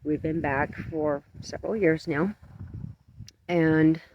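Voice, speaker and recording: A man talking earnestly to his camera outdoors at dusk, his voice shaky from cold and emotion, halting and self-conscious. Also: on the high side, steady tone, highs cut off, a little hiss or hum. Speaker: vlogger. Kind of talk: emotional outdoor vlog monologue. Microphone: camera mic up close.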